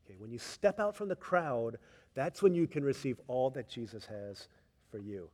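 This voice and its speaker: A man preaching a sermon, telling stories with voices, swinging from hushed tender passages to loud emphatic ones. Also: medium pitch, animated, normal speed, long reverb tail. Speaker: pastor.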